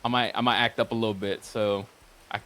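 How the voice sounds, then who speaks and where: A man's voice: fairly low pitch, level tone, fairly quick, bright, forceful tone. A man casually recounting a roleplay session, rambling and cursing as he quotes the others back and forth. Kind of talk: casual storytelling.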